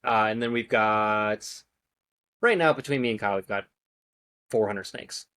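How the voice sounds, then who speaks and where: A man's voice: fairly low pitch, normal speed, fairly bright tone, smooth. A man from California, a guest on a podcast, talking laid-back and casual, using "like" and "man" a lot. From California, USA. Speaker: podcast guest, reptile keeper. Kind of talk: casual interview chat.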